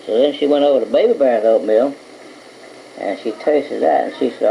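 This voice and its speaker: Gravelly grandfather telling a bedtime story. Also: mid-range voice, normal speed. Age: 50s. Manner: homespun, folksy storytelling. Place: home. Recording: muffled old home tape with faint hiss.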